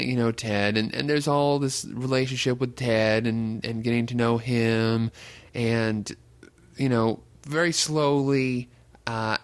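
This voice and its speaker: A man's voice: fairly low pitch, no echo. A man hosting a podcast, recapping a film in a rambling casual way with many fillers and restarts. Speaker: podcast host.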